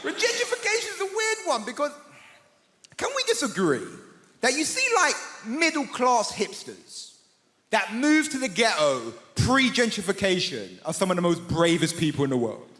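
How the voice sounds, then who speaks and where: A man doing stand-up comedy on a theatre stage, with a lively, swooping delivery. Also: high-pitched, normal speed. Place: large theatre stage with live audience. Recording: echoey hall with loud noise.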